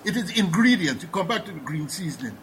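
A man's voice: sits high, sing-song, fast talker, fairly bright tone, a little hiss or hum, low-quality recording. A man with a Guyanese accent speaking as a panelist, thoughtful and full of fillers and restarts. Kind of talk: panel discussion.

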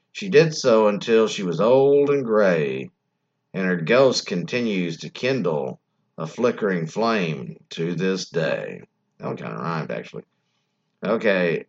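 A man's voice: sits low, dull audio. A man hosting a casual show and telling ghost stories, rambling and adding wry asides. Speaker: host.

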